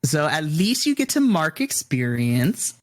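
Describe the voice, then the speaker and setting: A game master running a tabletop game, explaining rules and describing scenes, laughing often. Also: male voice, fairly high pitch, sing-song, a little slow.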